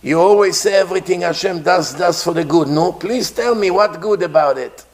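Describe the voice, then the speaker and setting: A man voicing an angry king who taunts his servant loudly in a told story. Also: high-pitched, moderate pace, lightly acted. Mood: taunting. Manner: taunting, loud and scornful.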